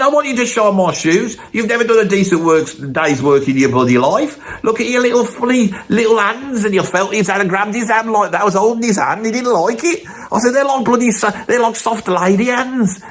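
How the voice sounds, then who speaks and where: A swaggering Birmingham loudmouth, as a man puts him on, pitched high above an ordinary man's voice. He talks in a cocky, mocking way with a thick Birmingham accent, full of bluster, like someone spinning a tall tale down the pub. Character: boastful brash Birmingham man telling tall tales.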